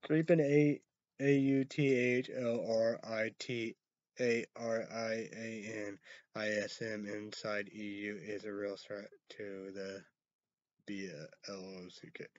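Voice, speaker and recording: A man's voice: takes it slowly, no room sound. Rambling man spelling words out, lo-fi. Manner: rambling, spells words out letter by letter, bursts into high excited outbursts. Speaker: vlogger. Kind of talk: rambling casual monologue. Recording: dull lo-fi sound.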